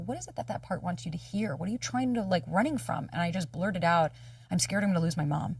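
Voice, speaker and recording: A woman's voice: lowish voice, darkish tone, slightly rough, dry recording, distant mic. A woman dating coach telling candid personal stories in a casual podcast chat, swearing freely. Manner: candid, emotional storytelling with frequent swearing.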